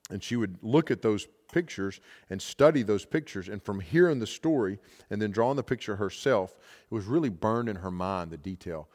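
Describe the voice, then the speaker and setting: Man, very deep voice, American, pastor, casual rambling sermon, reverberant hall. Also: lively intonation, moderate pace, hardly any pauses, darkish tone. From United States. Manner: casual, rambling, with many fillers and restarts. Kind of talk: storytelling sermon. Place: large hall at a camp session.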